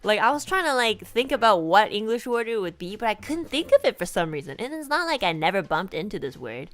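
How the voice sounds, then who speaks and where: A woman streamer telling a story in a rambling, animated way, full of "like" and laughter, with Japanese phrases mixed in. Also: mid-range voice, brisk. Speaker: virtual streamer. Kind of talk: casual storytelling chat.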